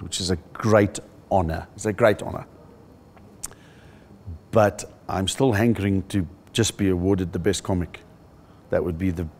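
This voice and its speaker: Middle-aged South African male comic, interview; fairly low voice, lively storyteller who slips into impressions. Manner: animated storyteller who acts out other people's voices. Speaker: comedian interviewee. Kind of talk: casual interview chat.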